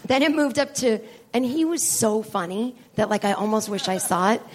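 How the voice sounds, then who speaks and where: A middle-aged woman comedian telling rambling, profane stories on stage at a live taping. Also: a little high. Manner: chatty, profane, rambling asides. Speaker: stand-up comedian and podcast host. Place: stage in a small comedy venue.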